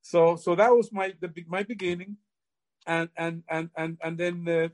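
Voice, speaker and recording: Older man, halting, repeats himself. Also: high voice, fairly even intonation, faint music behind. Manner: halting, repeats words often. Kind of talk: casual storytelling.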